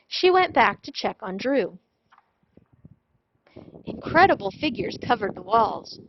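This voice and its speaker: A woman narrating a children's storybook read-aloud in a clear, even storytelling manner. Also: fairly high pitch, a little slow, pauses often, lo-fi sound.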